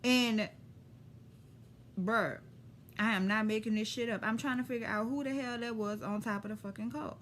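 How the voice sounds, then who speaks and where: High, bright New Orleans woman telling a story. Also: normal speed, long pauses, slight background noise. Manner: animated, profane, street slang. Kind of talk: casual storytime.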